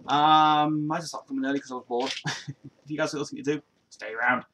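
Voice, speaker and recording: This man in his forties, a livestream host from Nottingham with an East Midlands accent, chats casually while reading out viewer comments. His pitch sits fairly high and his tone is steady and fairly bright, delivered briskly, with slight background noise. He rambles, restarts often, leans on fillers and laughs a lot.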